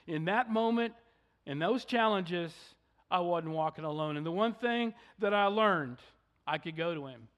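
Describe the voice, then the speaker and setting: A man's voice: high voice, a bit bright. A middle-aged male pastor giving a sermon, telling a personal story in an earnest, conversational way and reading scripture.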